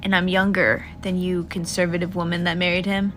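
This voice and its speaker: A woman's voice: fairly low pitch, level tone, fairly quick, fairly bright tone, faint music behind. A woman in a sneering, mocking monologue that drops at times to a whisper.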